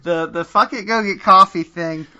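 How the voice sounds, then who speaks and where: A man's voice: high voice, normal speed, sharp tone, smooth. A man hosting a podcast, narrating a comedic choose-your-own-adventure story in a dry manner that sometimes cracks into laughter. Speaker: podcast host and game narrator. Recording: slightly muffled lo-fi audio.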